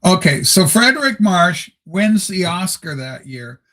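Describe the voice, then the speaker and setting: Male livestream host, high bright voice, rambling and animated, dry desk mic. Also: slow pace, no echo. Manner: rambling and animated, with many fillers. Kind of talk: casual livestream chat. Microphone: desk microphone.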